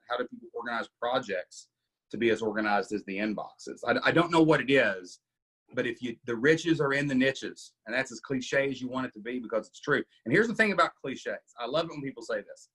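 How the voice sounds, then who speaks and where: A man's voice: medium pitch, animated, a little fast, fairly bright tone, breathy edge. A middle-aged man hosting a casual coaching Q&A, emphatic and often asking "right?". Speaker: podcast host coaching members.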